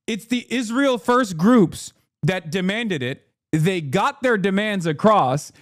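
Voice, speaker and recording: A man's voice: high-pitched, lively intonation, slow pace, no room sound. Heated streamer man, dry close sound. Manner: heated, indignant, frequent restarts and fillers. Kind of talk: political commentary stream.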